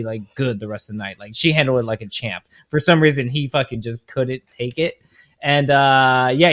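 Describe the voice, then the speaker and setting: A man co-hosting a podcast, telling a story in relaxed casual chat and swearing freely. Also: mid-range voice. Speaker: podcast co-host.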